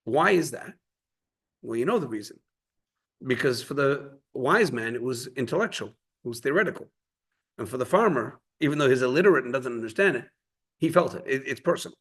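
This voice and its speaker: Man, mid-pitch, casual Torah teacher, talks things through with stories and asides. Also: expressive, brisk, a bit bright, slightly rough. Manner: conversational, storytelling with quoted voices. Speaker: rabbi teaching a Torah class. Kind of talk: informal Torah class with stories.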